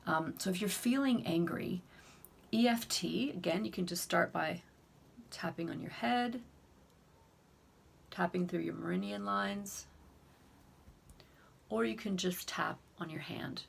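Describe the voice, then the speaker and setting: A young adult woman coach calmly explaining a tapping technique to camera, steady and unhurried with occasional fillers. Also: on the low side, vocal fry, husky. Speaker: self-help coach. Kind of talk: instructional talk to camera.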